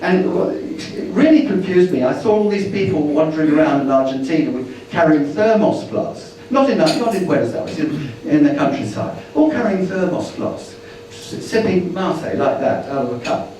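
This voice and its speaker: A man's voice: on the high side, lively intonation, normal speed, few pauses, mellow. A man giving a chatty, rambling slide-show talk about his travels, acting out the dialogue he quotes. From Britain. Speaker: speaker at a travel meeting. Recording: roomy hall, distant mic.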